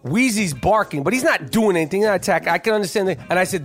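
A man hosting a podcast, telling a story in a lively, profane, casual chat. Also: high voice, quick pace, soft background music. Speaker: podcast host.

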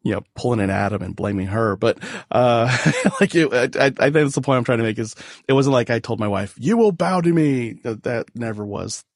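A man's voice: mid-range voice, fairly quick, no room sound, clean studio sound. A man in his forties, a podcast guest, telling a personal family story in a candid, self-deprecating way with frequent laughs.

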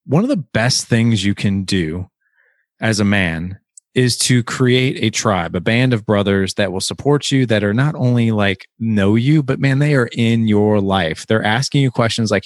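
Earnest man, low voice, dry mic. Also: measured pace, no room sound. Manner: earnest, emphatic, quotes imagined dialogue. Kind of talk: casual podcast talk.

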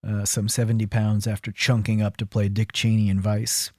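A man's voice: fairly low pitch, monotone, normal speed, darkish tone, dry recording, clean studio sound. A man co-hosting a comedy podcast, reading a film review aloud between jokes and laughter. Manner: reads review passages aloud, breaks into laughter. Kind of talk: casual comedic chat.

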